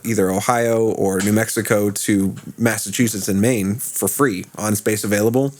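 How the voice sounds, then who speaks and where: A man hosting a podcast, chatting casually and telling a relaxed story with easy laughs. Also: lowish voice, normal speed. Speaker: podcast host.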